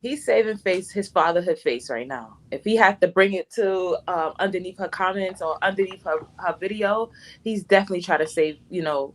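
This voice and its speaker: A woman's voice: fairly low pitch, fairly quick. A woman co-hosting a podcast, giving blunt opinions in casual chat with fillers. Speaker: podcast co-host.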